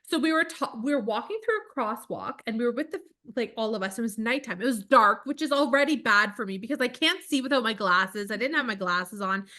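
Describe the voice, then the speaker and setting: A woman in her thirties co-hosting a podcast, chatting casually and telling animated stories with lots of fillers. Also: fairly high pitch, fairly quick, few pauses. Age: 30s. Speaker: podcast co-host. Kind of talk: casual chat.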